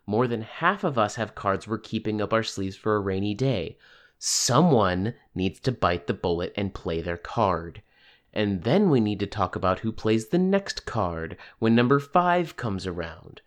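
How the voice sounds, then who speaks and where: A man's voice: lowish voice, pitched above the performer's own voice. A man reading an audiobook, voicing a grim, secretive man who speaks bluntly and curses. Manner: gruff, blunt, profane.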